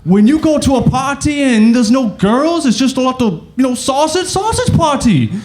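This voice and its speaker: A man putting on a high, eager Austrian friend. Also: big pitch swings, normal speed, darkish tone. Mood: delighted. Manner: earnest, overexcited, lecturing. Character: eager adult male Austrian friend, pedantic.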